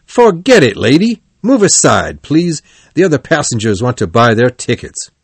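A man's voice: medium pitch, expressive, brisk, dry recording, lightly acted. A man voicing a curt, impatient male ticket seller with a dismissive, mocking manner in a storybook reading.

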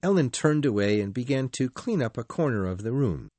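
A man narrates a storybook in a measured, expressive way. His voice is slightly husky, with lively pitch. The recording is dry and close. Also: dry recording. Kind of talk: storybook reading.

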